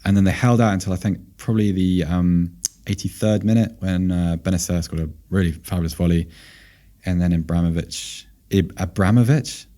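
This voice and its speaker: A man with a low, dark voice talks football on a casual podcast. He thinks out loud, hedging with plenty of fillers, and his voice sounds a little worn from talking a long time. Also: steady tone, a little fast. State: voice slightly tired. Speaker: podcast co-host, football analyst.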